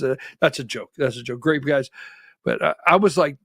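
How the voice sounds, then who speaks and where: A man's voice: mid-range voice, normal speed, a bit bright, no echo, clean studio sound. A man hosting a political talk show, talking straight to listeners in a folksy, rhetorical way, piling up repeated questions and quoting people. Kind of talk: livestream commentary, talking to listeners.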